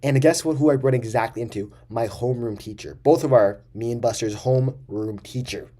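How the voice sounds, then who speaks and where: A man's voice: mid-range voice, fairly quick, warm tone. A young man telling a rambling, profane story casually to camera as a vlogger.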